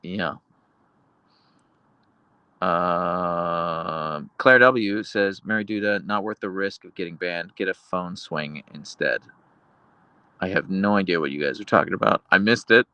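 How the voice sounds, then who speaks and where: A man with an American accent and unusually crisp consonants, chatting casually to his stream audience. His voice sits a little low, with a bright, forward edge. The sound is close and dry, with no room around it. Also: a little slow, long pauses, dry recording, rough recording. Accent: American, crisply enunciated. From Pittsburgh, Pennsylvania. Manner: enunciates consonants sharply, rambling asides. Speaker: livestream host reading chat. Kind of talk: casual livestream chat.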